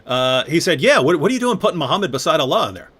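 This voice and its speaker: A man hosting a live online conversation, reading viewer questions and retelling stories with lively quoted voices. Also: a little high, rapid-fire, husky. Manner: animated, acts out quoted voices. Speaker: host.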